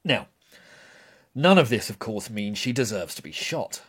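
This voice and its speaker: Man, scripted commentary, critical tone, husky, animated pitch. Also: a little slow. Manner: pointed, critical.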